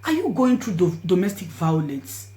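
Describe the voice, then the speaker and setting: A woman's voice: lowish voice, big pitch swings, moderate pace. Nigerian woman telling a story. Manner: swings between hushed and loud, pleading. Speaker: vlogger. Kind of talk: storytelling to camera in Pidgin.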